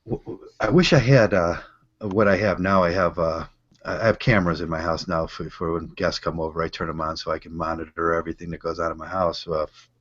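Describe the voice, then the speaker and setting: A man's voice: deep voice, steady tone, brisk, a bit bright, no room sound, muffled recording. An American man telling stories in a casual group chat, rambling with frequent fillers. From United States.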